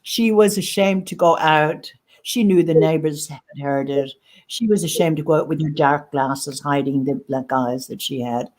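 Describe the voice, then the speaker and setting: A woman recounting personal experience as an interview guest, halting and emotional, often repeating her phrases. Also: sits low, a little mellow. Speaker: guest sharing lived experience. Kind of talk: personal testimony in conversation.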